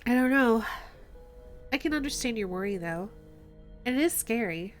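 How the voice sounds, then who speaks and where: A woman streaming a game, softly reading the dialogue aloud and reflecting on it in casual chat. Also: fairly high pitch, animated, normal speed, soft background music. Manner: reflective and soft-spoken, reading choices aloud.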